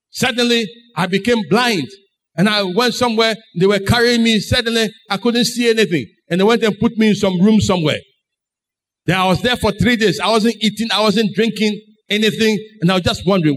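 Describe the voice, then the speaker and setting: A man's voice: sits high, moderate pace, a bit bright. A man preaching a sermon, telling the story dramatically and acting out the voices in it. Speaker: pastor.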